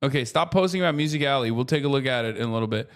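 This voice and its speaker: An American man in his thirties doing casual livestream commentary, talking to his chat with profane, animated rants. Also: medium pitch, rapid-fire. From United States. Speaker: streamer reacting to chat.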